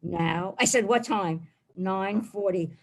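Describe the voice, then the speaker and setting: This stand-up comic, a brash Bronx woman in her forties, rambles through blunt stories on a video call. She speaks slowly in a gravelly, medium-pitched voice, with a little hiss or hum in the background.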